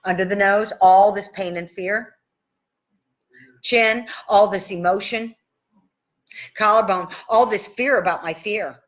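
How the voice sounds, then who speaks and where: A woman's voice: medium pitch, steady tone, measured pace, long pauses. A woman leading a guided tapping session. She calls out the tapping points and repeats affirmations in an upbeat, chatty way, and now and then she swears casually. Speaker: tapping coach. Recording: muffled, dull live-stream audio.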